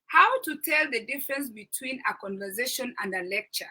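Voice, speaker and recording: A middle-aged woman with a very bright, sharp tone and a slightly high voice talks through a parenting book. She is earnest and instructive, repeats key points for emphasis and checks in with her listeners. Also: expressive, brisk, breathy edge, poor audio. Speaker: parenting talk host. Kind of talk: informal talk discussing a parenting book.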